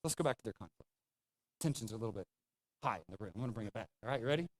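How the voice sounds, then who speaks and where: A man's voice: fairly low pitch, lively intonation, very fast. A man pastor preaching a sermon, speaking emphatically and conversationally, addressing the congregation directly.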